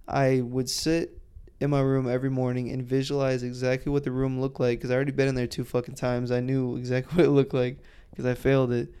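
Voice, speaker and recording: A man tells a story on his podcast, swearing freely and throwing his voice into the quotes he acts out. His tone is mellow and his voice is smooth. He talks casually, like he is chatting with a friend. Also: mid-range voice, fast, few pauses. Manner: profane, animated storyteller who acts out quotes loudly. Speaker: podcast co-host.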